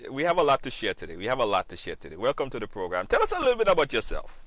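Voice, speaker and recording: A man hosting a live stream show, lively and repetitive, giving shout-outs to viewers. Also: medium pitch, rapid-fire, dry recording. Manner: animated, repeats phrases, bursts into sung shout-outs.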